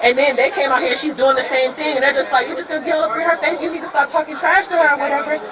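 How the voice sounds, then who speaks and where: A woman who was in a car accident tells what happened, out on the street, rushed and repeating herself with nervous half-laughs. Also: sits high, fairly even intonation. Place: outdoors at a roadside accident scene. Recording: far from the mic, crowd noise.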